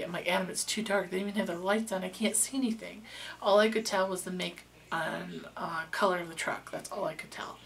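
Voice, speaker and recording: Gravelly-voiced young woman telling a story. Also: lowish voice, steady tone, fairly quick, a bit bright. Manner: chatty, many fillers and restarts. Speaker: beauty vlogger. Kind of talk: casual storytime narration.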